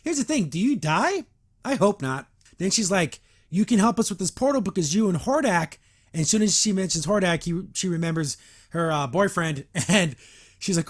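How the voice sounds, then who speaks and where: A man's voice: high voice, big pitch swings, a little fast. A man giving a casual reaction review of a cartoon episode, rambling and sarcastic as he recaps it. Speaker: show reviewer.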